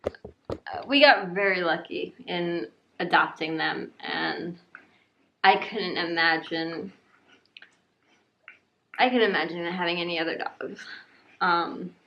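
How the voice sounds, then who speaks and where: A woman's voice: a bit bright, reverberant, a little hiss or hum. A woman chatting casually in a vlog, rambling with lots of fillers. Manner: high baby-talk when cooing to her dogs. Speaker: vlogger.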